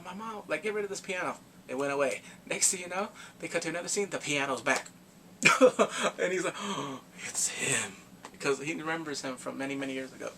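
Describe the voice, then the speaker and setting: Animated young man recapping a drama. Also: fairly high pitch, a little hiss or hum. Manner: animated storyteller, acts out reactions with gasps and laughs. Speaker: K-drama reviewer. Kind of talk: casual recap vlog.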